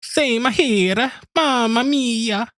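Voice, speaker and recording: A man's voice: a bit bright, no room sound, full character voice. A man voicing a sleazy adult male predator in a hammy mock-Italian accent, in a dry podcast recording. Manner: squeaky, drawn-out, mock-Italian delivery.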